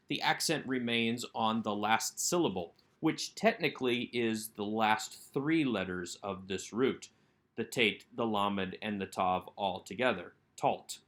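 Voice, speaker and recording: A man teaching Biblical Hebrew grammar in a recorded workbook lesson, explaining step by step and slowing down to sound out each word. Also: medium pitch, a bit bright. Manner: methodical, slows down to sound out Hebrew words. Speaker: Hebrew instructor.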